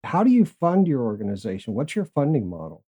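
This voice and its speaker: A man's voice: mid-range voice, huge pitch swings, fairly quick, mellow, slightly rough. A man hosting a podcast interview, asking questions and reacting with enthusiasm. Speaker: podcast host.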